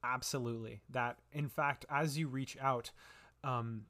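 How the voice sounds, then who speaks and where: A man running a tabletop game as game master, describing scenes in an unhurried way with pauses. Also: mid-range voice, fairly even intonation, fairly bright tone.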